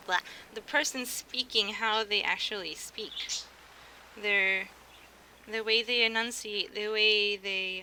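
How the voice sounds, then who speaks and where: A woman's voice: on the high side, sharp tone. Giggly chatty young American woman streamer. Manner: chatty, giggly, self-interrupting. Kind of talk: casual stream chat. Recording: clear background noise.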